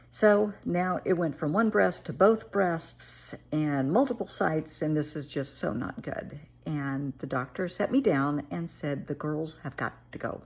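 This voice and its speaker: A woman's voice: low voice, a little mellow, slightly rough. A middle-aged woman therapist telling a personal story and giving earnest, emotional advice. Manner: earnest, emotional, calls listener honey.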